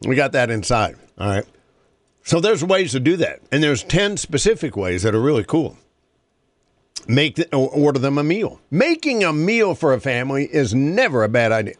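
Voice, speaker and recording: A man's voice: mid-range voice, very animated, moderate pace, no echo. A man hosting a talk show, reading a moving story aloud and then chatting earnestly about helping caregivers. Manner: earnest, conversational.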